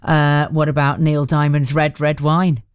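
A woman's voice: deep voice, flat delivery, measured pace, clear, resonant tone, no echo, studio quality. A woman presenting a radio show in casual chat, reading out listener messages and laughing easily.

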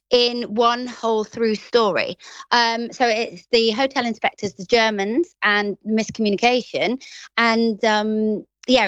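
A woman's voice: on the high side, a bit bright, dry recording, lo-fi sound. A woman in her thirties with a Grimsby English accent, an actress chatting effusively in an interview, full of restarts and "like". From England. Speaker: stage actress guest. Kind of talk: casual interview chat.

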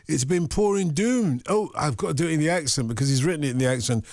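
A man hosting a late-night radio phone-in, joking in a dry, deadpan way from a studio mic. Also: mid-range voice, rapid-fire, no room sound. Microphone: studio microphone.

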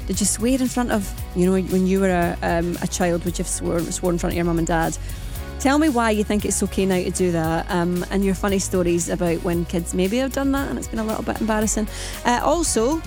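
A woman's voice: mid-range voice, a little mellow, soft background music. Chatty woman radio host. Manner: chatty, asks rapid questions, reads out phone numbers. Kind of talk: morning radio phone-in presenting.

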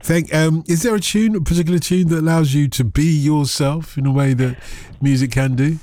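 A man's voice: on the high side, brisk. Scouse guy hosting a radio show, jokey and chatty. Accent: Liverpool. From Liverpool. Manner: jokey, playful, animated. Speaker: radio host. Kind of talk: casual radio phone-in chat.

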